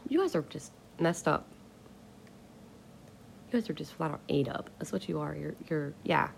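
A woman's voice: deep voice, animated, moderate pace, vocal fry, a little hiss or hum. A woman hosting a casual solo podcast, ranting bluntly and with exasperation, swearing casually. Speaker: podcast host.

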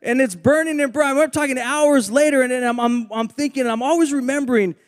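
A man's voice: extremely high pitch, fairly quick, big-room sound. A man preaching a sermon and leading a prayer, earnest, with repeated phrases.

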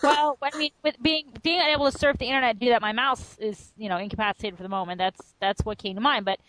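A young woman with a slightly high voice chats on a podcast, teasing and halting as she recalls things. The sound is close and dry, with no room echo. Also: fairly bright tone. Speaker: podcast co-host. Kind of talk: casual chat.

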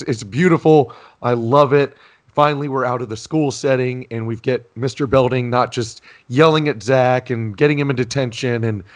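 Male co-host, mid-pitched, relaxed and admiring, casual podcast chat. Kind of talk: casual chat reviewing an old sitcom.

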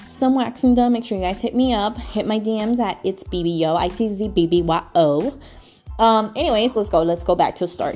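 A woman's voice: medium pitch, dark tone. A young woman vlogging, telling a personal story in a candid, rambling way with frequent swearing. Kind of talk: casual storytelling.

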